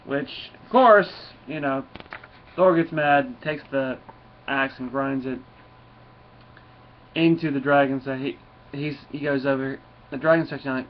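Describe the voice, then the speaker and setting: A man's voice: mid-range voice, moderate pace. A man casually recapping a comic book, rambling with restarts and chuckles. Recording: dull lo-fi with faint noise.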